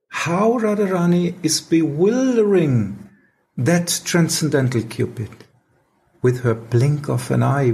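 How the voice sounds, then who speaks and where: Man, measured devotional discussion leader, unhurried explanatory delivery. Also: medium pitch, warm tone.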